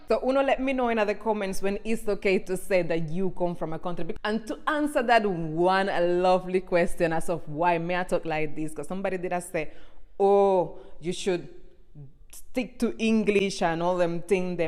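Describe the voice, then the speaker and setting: A Cuban woman in her forties, a TikTok creator, ranting in Jamaican patois with a rolled Cuban R, sassy and animated. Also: mid-range voice. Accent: Cuban Spanish mixed with Jamaican patois. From Cuba. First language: Spanish. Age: 40s. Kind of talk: casual direct-to-camera rant.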